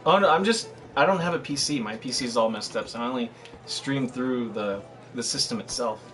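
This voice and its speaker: A man's voice: medium pitch, fairly quick, a bit bright. A young man streaming a game, chatting casually and telling rambling stories with laughs and fillers. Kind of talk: casual chat. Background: game music.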